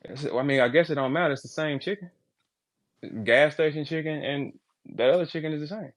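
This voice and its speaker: A man hosting a podcast, ranting in a brash, profane, animated way, jumping between loud outbursts and low asides. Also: fairly quick, slight background noise. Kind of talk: casual podcast rant.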